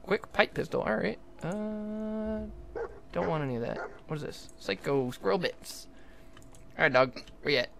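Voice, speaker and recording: A young adult livestreamer giving jokey, excitable commentary while playing, often talking to the game's characters. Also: medium pitch, moderate pace, vocal fry, a little hiss or hum. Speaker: gaming livestreamer. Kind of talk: live gameplay commentary.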